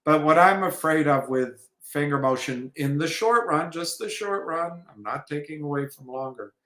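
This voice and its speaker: A man giving rambling commentary on markets and trading, halting, with many restarts and fillers. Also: a little high, fairly bright tone. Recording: echoey room.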